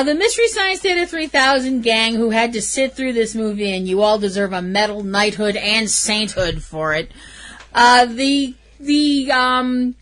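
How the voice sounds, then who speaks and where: A woman's voice: medium pitch, fairly bright tone. A woman co-hosting a podcast, ranting emphatically in a casual movie review chat. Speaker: podcast co-host.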